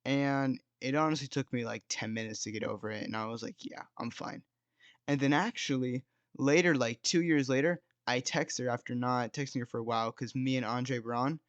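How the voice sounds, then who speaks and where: A man's voice: medium pitch, steady tone, brisk, clean tone, dry recording. Rambling teen guy telling a storytime. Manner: rambling, self-mocking, peppered with "like" and "dude". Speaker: storytime video host. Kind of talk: casual storytime monologue. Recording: dull, lo-fi, dry sound.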